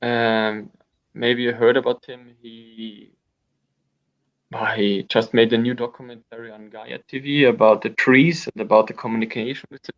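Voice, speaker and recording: Gravelly man telling wild stories. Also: medium pitch. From Austria. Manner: rambling, animated storyteller with frequent restarts. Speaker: guest. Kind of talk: storytelling in an interview. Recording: dull lo-fi sound.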